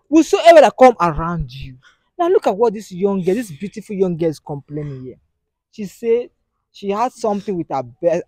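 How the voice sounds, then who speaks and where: A man's voice: high-pitched, warm tone, no echo. A man hosting a comedic skit, soothing and pleading with lots of repetition. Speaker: show host. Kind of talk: comedic skit acting as an advice host.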